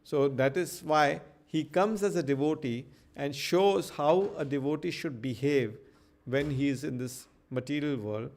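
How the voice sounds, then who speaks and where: A man teaching a devotional scripture class, stopping to translate himself line by line, with halting restarts. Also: fairly high pitch, a little mellow. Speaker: preacher.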